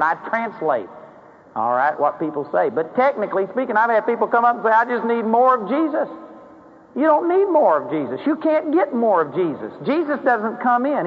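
A man's voice: high-pitched, in a large hall. A man preaching a sermon in a conversational way, rising into emphatic acted prayers. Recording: dull, hollow-sounding sermon recording with faint hiss.

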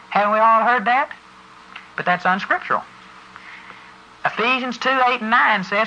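At a church service, a preacher delivers an emphatic sermon in a bright, forceful, medium-pitched voice at normal speed, driving points home and spelling out words for stress while the congregation answers back. The lo-fi recording is dull, with a little hiss or hum.

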